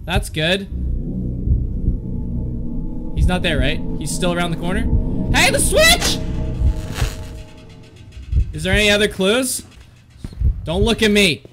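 Loud music plays behind a high-voiced gaming channel host who speaks unhurriedly, leaving long pauses as he plays a horror game. Easily spooked, he swears a lot, yelps and panics, and jokes with his viewers and with the game.

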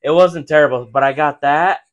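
A man co-hosting a podcast in crude casual chat, tossing in joking deadpan asides. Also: a little high, fairly quick, muffled recording. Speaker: podcast co-host.

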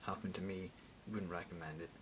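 A man's voice: low-pitched, steady tone, fairly quick, noisy background. A teenage boy rambling jokily into a phone camera, going off on random tangents. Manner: random, jokey, self-mocking, mutters asides. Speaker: vlogger. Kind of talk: rambling casual vlog.

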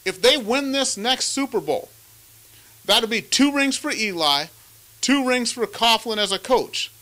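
Bright-voiced male sports show host. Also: very high-pitched, animated, unhurried. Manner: emphatic, leads the questions. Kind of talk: sports analysis chat.

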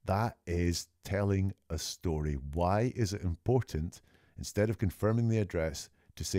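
A man giving a measured, deliberate analysis of an emergency call, slowing down to stress key words. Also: deep voice, dark tone, dry recording, clean studio sound. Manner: measured, deliberate, often slows for emphasis. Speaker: statement analysis commentator. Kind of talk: analytical commentary on a recorded call.

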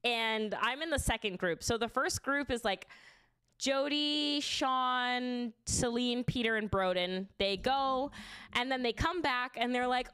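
A young woman telling a funny story in casual chat, animated, full of "like" fillers and swearing. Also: fairly high pitch, unhurried, clean tone. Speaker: streamer.

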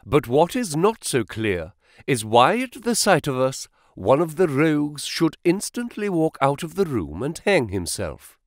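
A man voicing a sharp male detective who reasons aloud in an audiobook reading. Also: a little high, sing-song, unhurried, no echo, studio quality. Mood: brisk.

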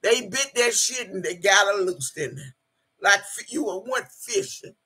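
A woman hosting a live stream, cursing and taunting loudly while reading chat comments aloud. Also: mid-range voice, lively intonation, a little slow, breathy edge. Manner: cursing, taunting, loud outbursts. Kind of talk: profane live-stream rant.

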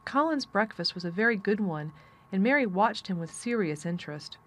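A woman narrating an audiobook of a classic children's novel. She reads at a steady, measured pace, with a mid-range voice and clear storytelling delivery. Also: medium pitch. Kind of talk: scripted narration.

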